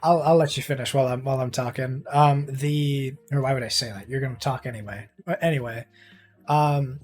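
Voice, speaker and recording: A man's voice: a little high, a little fast, faint music behind. Rambling, foul-mouthed young man streaming. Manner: rambling, profane and easily excited. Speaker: livestreamer. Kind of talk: casual live-stream chat while gaming.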